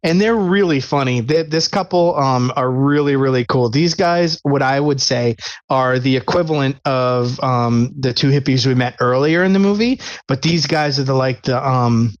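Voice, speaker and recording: A man's voice: mid-range voice, moderate pace, muffled recording. A man co-hosting a casual movie review podcast, who laughs often and rambles while retelling scenes. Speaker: podcast co-host.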